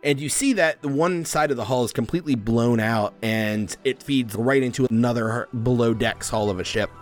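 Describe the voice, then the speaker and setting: A man running a tabletop game, narrating scenes in a descriptive, lively way. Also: mid-range voice, normal speed, soft background music. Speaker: game master.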